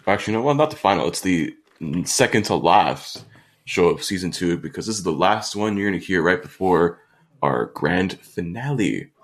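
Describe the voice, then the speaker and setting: A man's voice: deep voice, lively intonation, a little fast. A young man co-hosting a podcast, rambling casually through a song review with lots of fillers. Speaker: podcast co-host. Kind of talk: casual music review chat.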